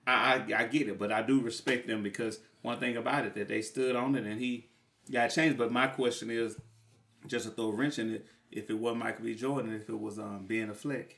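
A man from Houston, co-hosting a casual talk show, whose phrases trail off low and soft. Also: steady tone, brisk, gravelly. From Houston, Texas. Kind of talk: casual chat.

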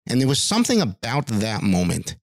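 A man's voice: medium pitch, wildly swooping pitch, fairly quick, dry recording, studio quality. A middle-aged man, a music teacher, telling stories in a podcast interview and acting out the voices of people he quotes.

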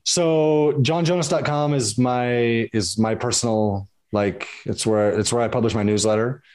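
A man speaking as a podcast guest about his business, candid and hesitant, pausing often to find his words. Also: medium pitch, fairly even intonation, a little mellow. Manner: candid, hesitant, many fillers and restarts. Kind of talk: casual interview chat.

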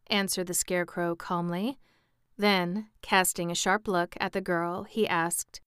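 A woman narrating a children's storybook in a measured, expressive way, adding amused asides. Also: fairly low pitch, clean tone, dry recording, clean studio sound. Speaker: audiobook reader.

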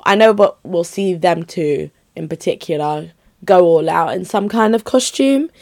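A woman's voice: lowish voice, measured pace, darkish tone. A young woman, chatting casually and rambling to her viewers, often breaking off mid-sentence. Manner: chatty, rambling, self-interrupting. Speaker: vlogger.

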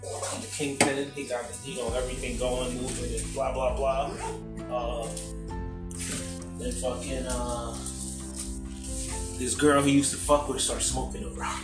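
A man in casual chat, talking in a slow, laid-back, profane way. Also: mid-range voice, level tone. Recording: echoey room, far from mic, loud music.

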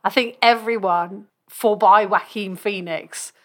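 A woman on a casual film podcast, making measured, understated comments. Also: medium pitch, steady tone. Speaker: podcast co-host. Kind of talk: casual film review chat.

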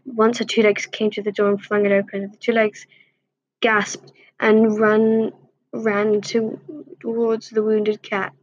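A woman's voice: mid-range voice, completely flat delivery, measured pace, dry recording, highs cut off. A woman reading a fan story aloud in a plain voice, with slips and restarts along the way. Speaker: story reader.

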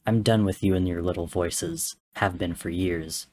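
A man voicing a gruff, steady male warrior who speaks curtly and firmly. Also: deep voice, normal speed. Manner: curt, firm.

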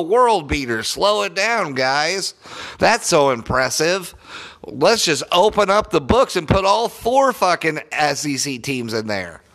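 A man's voice: high voice, fairly bright tone. A young man ranting as a sports podcaster, annoyed, sarcastic and heavy on profanity. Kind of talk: profane fan rant.

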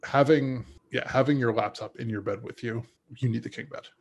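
Brief: young guy, gravelly fry in the voice, relaxed rambling co-host. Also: mid-range voice, brisk. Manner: easygoing, rambling, many fillers. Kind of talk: casual chat.

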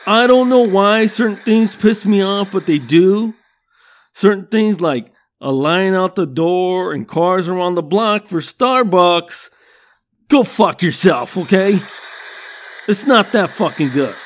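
High-voiced man in a profane comic rant. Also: expressive, slow. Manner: swears constantly, laughs at own jokes, "you know what I'm saying". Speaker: podcast host.

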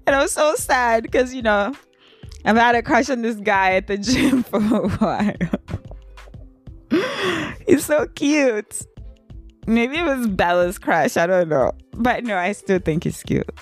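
A woman's voice: moderate pace, faint music behind. Laughing young woman telling a story. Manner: animated, laughs often, squeaks high when acting out shock. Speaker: vlogger. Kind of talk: casual storytime.

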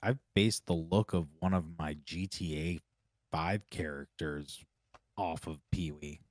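A man's voice: low voice, steady tone, measured pace. A man co-hosting a podcast, chatting casually with short, playful replies. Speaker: podcast co-host. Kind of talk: casual chat.

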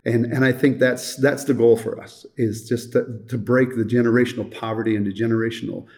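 A man's voice: medium pitch, level tone, a little fast, a little mellow. An older man who directs a children's home, telling a heartfelt story in an interview with earnest repetition.

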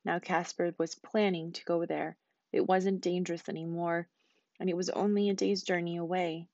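A woman teacher reading a novel aloud, quick and expressive. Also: on the low side, no room sound, lo-fi sound.

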